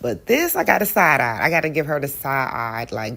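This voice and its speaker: A woman's voice: very deep voice, moderate pace, vocal fry. A woman hosting a reaction video, commenting casually and expressively. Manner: expressive, exclaiming, chatty. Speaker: reaction host.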